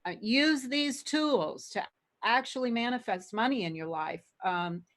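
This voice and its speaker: A woman hosting an interview, speaking haltingly and searching for her words as she sets up a question. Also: a little high, lively intonation, fairly bright tone. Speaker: host.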